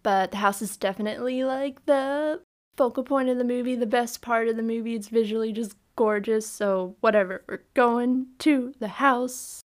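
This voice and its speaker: A woman's voice: on the high side, moderate pace. Chatty woman reviewing a film. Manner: animated, laughing, acts out film lines. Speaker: podcast co-host. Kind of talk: casual film review chat.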